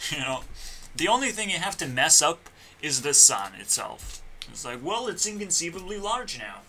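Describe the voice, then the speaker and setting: A man talking as a YouTuber in a rambling solo rant, profane and meandering, swinging between loud outbursts and mutters. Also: mid-range voice, a little hiss or hum. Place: home computer setup.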